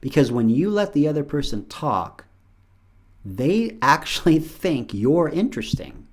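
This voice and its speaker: Here a middle-aged man hosts his show solo, chatting casually and performing snippets of dialogue with playful voices. He sounds fairly high-pitched and very animated, yet keeps a measured pace, his tone a little mellow.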